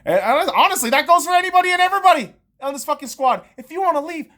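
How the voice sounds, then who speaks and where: A woman's voice: high-pitched, animated, very fast, fairly bright tone. A woman podcast host, in her thirties, on a heated and profane sports rant full of sarcastic jabs.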